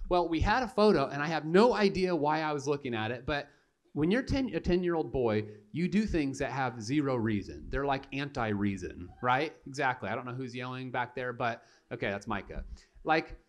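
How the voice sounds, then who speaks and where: A young male pastor tells a comic story from the pulpit, mugging through the voices of his characters. His pitch jumps high and shouts on the big moments, then drops back to a relaxed conversational tone. He talks into a stage mic in a church sanctuary. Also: moderate pace. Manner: animated and self-mocking, acting out voices for laughs. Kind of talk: storytelling sermon.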